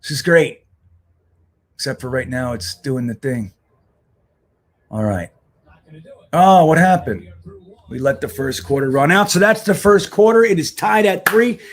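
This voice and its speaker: A man's voice: on the high side, expressive, unhurried, long pauses. Rambling, swearing livestream host, man. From United States. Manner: loose, rambling, swears casually. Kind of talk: casual livestream commentary.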